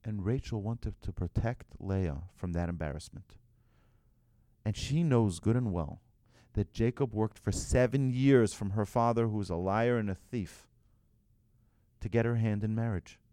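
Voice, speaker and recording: A man's voice: on the low side, measured pace, dark tone, no echo, studio quality. A man, a rabbi, telling a story in a sermon, acting out the voices and often restarting his phrases.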